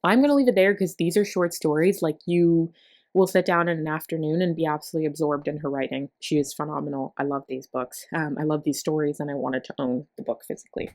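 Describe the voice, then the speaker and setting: A woman's voice: sits low, steady tone, fast, a little mellow. A woman vlogger chatting casually about her book haul, gushing and rambling with little laughs.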